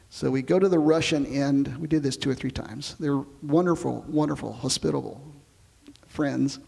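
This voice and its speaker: Gravelly man telling space stories. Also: mid-range voice, normal speed, in a large hall. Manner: relaxed storytelling, explains with comparisons. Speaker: astronaut interviewee. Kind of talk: oral history interview.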